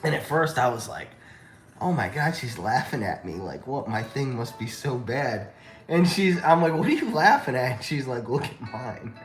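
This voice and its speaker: A man's voice: medium pitch, animated, moderate pace. A man hosting a casual livestream, chatting with his viewers and telling a story with frequent laughs. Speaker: livestream host. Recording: roomy echo with faint music.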